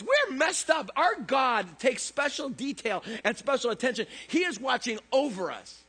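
Animated, joking man preaching. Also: very high-pitched, normal speed, few pauses, slightly rough. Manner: joking, animated, acts out quotes in voices. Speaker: pastor. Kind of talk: lively comedic sermon. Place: church service.

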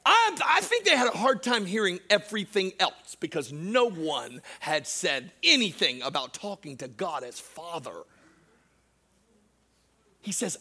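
A male pastor with a Southern US accent preaching a sermon, swinging from hushed asides to shouted declarations. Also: on the high side, big pitch swings, moderate pace. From Southern United States. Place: church.

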